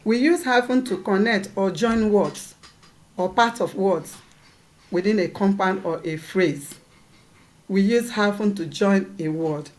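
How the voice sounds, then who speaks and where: A woman's voice: mid-range voice, unhurried, a little mellow. A woman teaching a lesson, patiently repeating points and checking that her students follow. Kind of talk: classroom lesson.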